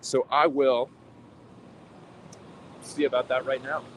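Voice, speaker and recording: A man in his twenties livestreaming as he walks city streets, talking in a halting, reflective way with frequent sighs. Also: mid-range voice, flat delivery, fairly bright tone, a little hiss or hum. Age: 20s. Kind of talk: walking livestream talk.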